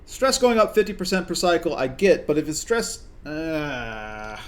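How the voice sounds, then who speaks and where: A man's voice: a little high, very animated, unhurried, slight background noise. A young man streaming a colony game, talking to his characters in a coaxing, exasperated way. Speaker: gaming streamer. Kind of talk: live gameplay commentary.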